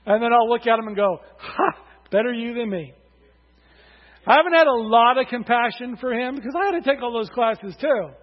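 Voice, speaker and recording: A male pastor preaches with emphatic rising calls to his congregation. His voice sits high and a little husky. The sound is dull and lo-fi, with a long hall reverb around it. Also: expressive, quick pace, hardly any pauses. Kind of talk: sermon.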